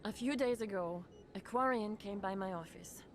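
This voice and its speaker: A woman's voice: mid-range voice, normal speed, slight background noise, natural voice. A woman playing a frightened doctor in a game, speaking nervously and earnestly. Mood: shaken. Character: frightened female doctor, shaken witness.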